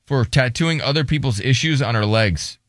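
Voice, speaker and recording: Guy reading headlines on a morning radio show, flat matter-of-fact delivery, dead dry studio sound. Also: mid-range voice, moderate pace, no echo. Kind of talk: casual radio banter.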